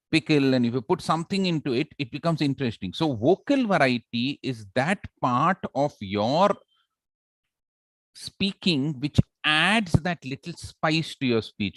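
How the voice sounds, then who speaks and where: Running a live public speaking workshop, a man is lively and playful, quizzing his audience and giving demonstrations. His voice is mid-range and the recording is dry.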